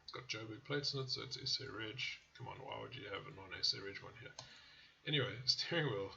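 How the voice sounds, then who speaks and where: A man's voice: lowish voice, fairly quick, creaky, pushed and bright, muffled recording, a little hiss or hum. A man hosting a car channel, casually reviewing car ads in a blunt, profane way that often turns into rants. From South Africa.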